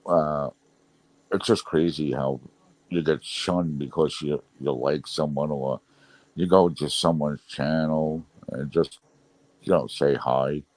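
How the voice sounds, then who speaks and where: A man's voice: very deep voice, steady tone, slow pace, darkish tone, no room sound. A man hosting a casual livestream, chatting with viewers in a rambling, frustrated way with many fillers. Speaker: livestream host. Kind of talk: casual live chat reading viewer comments.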